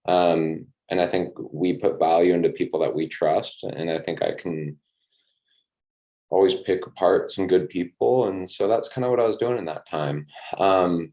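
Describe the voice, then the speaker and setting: Low, mellow-voiced man telling stories. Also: moderate pace. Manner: relaxed, rambling, with frequent ums and casual swearing. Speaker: tour manager guest. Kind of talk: casual interview storytelling.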